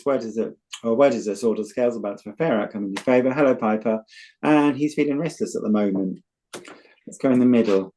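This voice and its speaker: A man's voice: lowish voice, warm tone. A man with a British accent, a tarot reader guest chatting casually, telling stories in a blunt, earthy way and reading cards.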